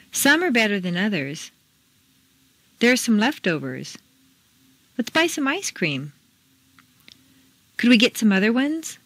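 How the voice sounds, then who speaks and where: A woman's voice: on the high side, dry recording. Woman, accent-drill instructor, bouncy melodic delivery, dead-dry booth sound. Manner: slow, deliberate drill reading with exaggerated intonation. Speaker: pronunciation teacher. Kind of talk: scripted accent-training lesson.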